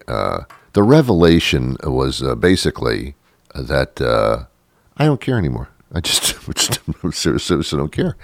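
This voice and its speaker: A man's voice: low-pitched, no echo, studio quality. A middle-aged man hosting a show, delivering a wry, rambling comic monologue with mock-biblical asides. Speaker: show host.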